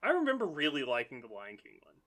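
Lively high-voiced young man, casual. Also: fast. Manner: animated, profane, laughs often. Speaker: podcast co-host. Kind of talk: casual banter.

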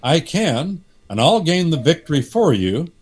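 A man voicing a solemn divine judge who offers to take the place of the man he has just sentenced, speaking in slow, measured declarations. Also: on the high side, big pitch swings, slight background noise, pitched above the performer's own voice.

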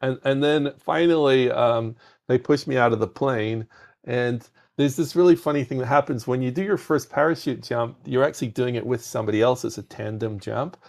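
A man, a podcast guest, telling animated anecdotes with a softened foreign accent, often repeating words as he starts sentences. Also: mid-range voice, normal speed, gravelly. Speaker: podcast guest, game industry founder. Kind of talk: conversational storytelling.

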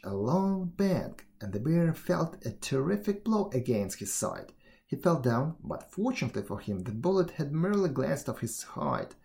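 A man reading a fairy tale aloud as a storyteller, with expressive, measured narration. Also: medium pitch, gravelly.

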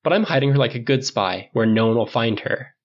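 A woman's voice: very deep voice, fairly quick. A man voicing a cool, dry-witted woman with a teasing manner, in a dull lo-fi recording.

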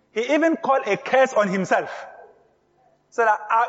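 A man preaching a sermon as pastor, speaking emphatically, repeating key phrases and building up to shouts. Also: very high-pitched, unhurried, long pauses, long reverb tail, highs cut off.

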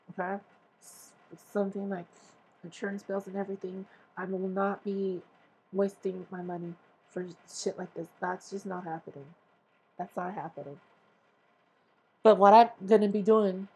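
A woman's voice: mid-range voice, darkish tone, breathy edge, poor audio. A woman hosting her own podcast, ranting in a profane, exasperated and sarcastic way. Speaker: podcast host. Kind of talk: casual ranting monologue.

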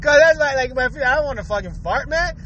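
A young man with a strikingly high voice talks straight to his viewers in a loose, crude, rambling rant. His speech is thick with slang, and he keeps breaking into chuckles. A faint noise sits under the recording. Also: animated, fast talker, fairly bright tone, dull audio. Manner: slangy street talk. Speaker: vlogger.

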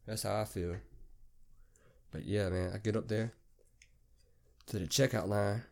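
A young man with a Southern US accent rambles through a profane, casual rant as a podcast host. His voice sits low and gravelly, with plenty of vocal fry. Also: steady tone, unhurried, a little mellow. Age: young adult.

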